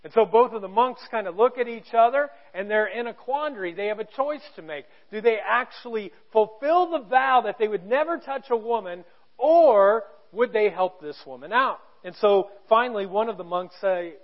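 A male pastor preaching a sermon to his church, telling a story with emphasis and sudden drops to a hush. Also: high-pitched, expressive, moderate pace, dull audio. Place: church auditorium.

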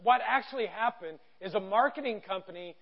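A man in his thirties preaching a sermon, telling a story with animated quoted voices. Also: sits high, a little fast. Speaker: pastor. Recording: dull lo-fi sound.

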